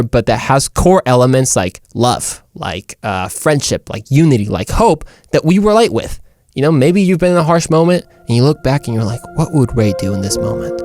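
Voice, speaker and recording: A man's voice: mid-range voice, dry recording. A man rambles through his opinions with loose slang, starting sentences over and jumping between thoughts. His voice sits in the middle range. The recording is dry and close, with almost no room sound. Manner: animated, rambling, slangy, puts on mock British voices. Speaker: show host. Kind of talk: casual opinion monologue.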